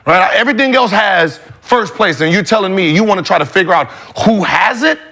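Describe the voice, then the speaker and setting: Lively, profane storytelling man. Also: high-pitched, brisk. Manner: profane, emphatic, mimics others' voices. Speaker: podcast host. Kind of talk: animated storytelling in casual chat.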